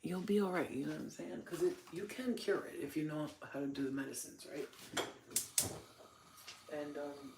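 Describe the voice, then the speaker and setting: A woman's voice: low voice, moderate pace, vocal fry, pauses often, very noisy. A woman hosting her own channel, telling frank, profane stories in a casual monologue. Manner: blunt, profane, frank storytelling. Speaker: channel host.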